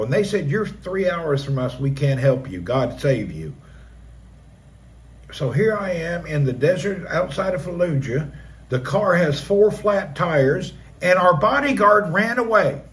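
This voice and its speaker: A middle-aged man tells a story on his own live stream, his voice sitting noticeably high for a man. He narrates in an animated way and punches up the action with vocal sound effects. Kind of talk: dramatic personal storytelling.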